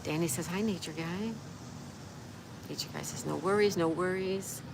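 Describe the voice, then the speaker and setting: Woman hosting a live stream, reading out comments, kinda low voice, noisy background w/ cars going by. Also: normal speed, vocal fry. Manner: reads viewer comments aloud and answers them chattily. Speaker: livestream host. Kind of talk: casual live-stream chat. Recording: steady background noise with passing traffic.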